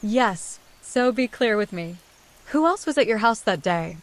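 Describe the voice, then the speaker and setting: A woman's voice: a little high, animated, measured pace. A woman reading the part of a young man who presses another person with careful questions. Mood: pressing. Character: young man, guarded and probing.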